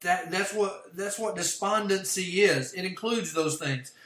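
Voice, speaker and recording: A man's voice: high voice, a little slow, fairly bright tone. A man leading a livestreamed Bible study, explaining word meanings step by step. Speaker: Bible teacher. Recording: echoey room.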